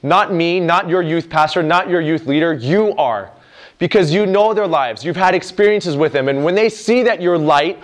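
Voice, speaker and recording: A young adult man giving a lively youth sermon, acting out parents and children in quoted lines. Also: fairly high pitch. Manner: animated, acts out quoted lines. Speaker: youth speaker.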